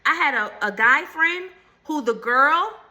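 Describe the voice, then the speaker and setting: A woman talks straight to her viewers in a casual faith chat, with a piercing, very bright tone set a little high. She calls them y'all and slips into preachy asides. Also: lively intonation, a little slow. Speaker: faith and relationship channel host. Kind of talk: casual faith talk to camera.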